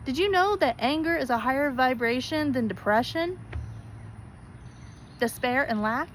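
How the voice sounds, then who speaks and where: Woman, earnest and pleading, fairly high voice, faint background noise, heartfelt vlog talk. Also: expressive, unhurried, pauses often, poor audio. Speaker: spiritual vlogger. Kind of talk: heartfelt direct-to-camera talk.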